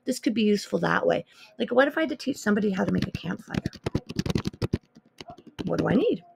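A woman's voice: mid-range voice, lively intonation, quick pace, creaky, noisy background. A woman music teacher talking casually through teaching tools on a podcast, thinking aloud with plenty of ums and easily amused.

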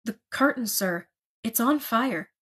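Brief: a young soldier boy, wary and urgent, breathy tone, read by a woman. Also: on the high side, lively intonation, slow pace, fairly bright tone, exaggerated voice. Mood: tense. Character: young German private, wary teenage boy.

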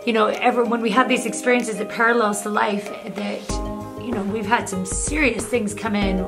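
A woman's voice: on the high side, fairly even intonation, normal speed. A woman, the host's mother, giving an earnest, heartfelt casual faith testimony to the camera. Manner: earnest, heartfelt, drops soft when quoting inner comfort. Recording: music playing clearly behind.

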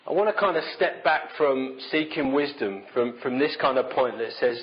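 A man's voice: medium pitch, moderate pace, few pauses, lo-fi sound. A man preaching a sermon in a conversational, self-deprecating storytelling manner.

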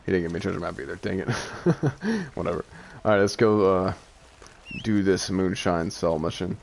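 A young man giving casual gameplay commentary, excitable and quick to rant when things go wrong. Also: deep voice, gravelly, slight background noise. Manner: excitable, frequent exclamations, frustrated rants. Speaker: gaming YouTuber.

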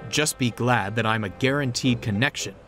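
A man's voice: mid-range voice, moderate pace, a bit bright, faint music behind, close to an everyday voice. A man voicing an impatient young male tank engine in a storybook reading, grumbling and sulky. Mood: grumpy. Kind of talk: storybook narration.

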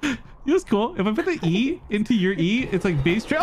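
A woman's voice: mid-range voice, big pitch swings, fairly quick, noisy background. A woman teasing a friend playfully in gaming voice chat. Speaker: game player.

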